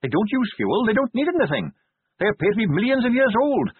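A man's voice: high-pitched, sing-song, fairly quick, husky, dry recording, voice pushed up, exaggerated voice. A man voicing an earnest, polite young male watch captain who speaks eagerly and helpfully. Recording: tinny phone-like band.

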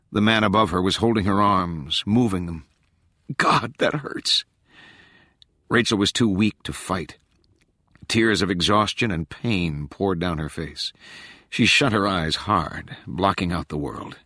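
A man reading a thriller audiobook in measured, dramatic narration. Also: fairly low pitch, fairly bright tone, dry recording, clean studio sound.

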